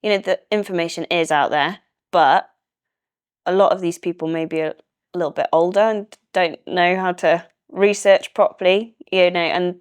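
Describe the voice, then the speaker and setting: Young Welsh woman, estate manager guest; low, smooth voice, dry close sound, easygoing and keen. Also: normal speed, no room sound. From Wales. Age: young adult. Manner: chatty, laughs easily, relaxed and enthusiastic. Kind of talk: casual interview chat.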